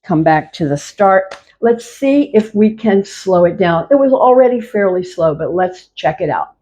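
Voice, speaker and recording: A woman leading a chair yoga class, giving calm, repetitive cues to move slowly and breathe. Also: mid-range voice. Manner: slow, calm, repetitive cueing. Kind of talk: guided exercise class instruction.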